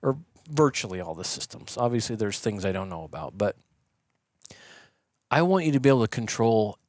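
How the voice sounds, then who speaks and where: A man guesting on a podcast, explaining in a casual, animated way and acting out the yelling of the people he quotes. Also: lowish voice, moderate pace, dry recording, studio quality. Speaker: podcast guest, shooting instructor. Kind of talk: conversational explaining. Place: podcast studio.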